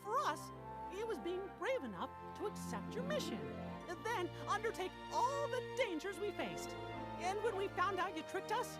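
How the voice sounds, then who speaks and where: Brave, upbeat cartoon mouse for a game; falsetto-high, lively. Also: moderate pace, loud music behind the voice. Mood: earnest. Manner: earnest, upbeat speech-giving.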